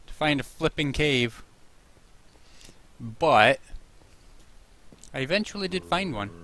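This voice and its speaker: A man's voice: medium pitch, a bit bright. A man casually commenting on his own gameplay, chatting to himself and yelping at monsters.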